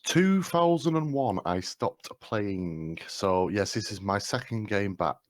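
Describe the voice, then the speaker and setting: Slow deliberate deep-voiced man. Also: expressive, no echo. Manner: deliberate, precise. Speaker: player.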